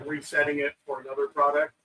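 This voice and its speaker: A man's voice: a little high, completely flat delivery, fast talker, bright, forceful tone, far from the mic, rough recording. A man co-hosting a live podcast, easygoing and agreeable in casual chat. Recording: off-mic with faint room noise.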